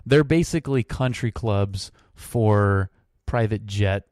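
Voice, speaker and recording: A man's voice: on the low side, slow, a little mellow, no room sound. Man, podcast co-host, enthusiastic interjections, dry sound. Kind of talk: casual chat.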